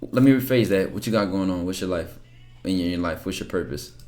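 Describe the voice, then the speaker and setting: Blunt, low-voiced male streamer. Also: fairly quick, a little mellow, soft background music. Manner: blunt, profane, lecturing. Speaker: streamer reacting to viewer messages. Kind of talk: casual livestream commentary.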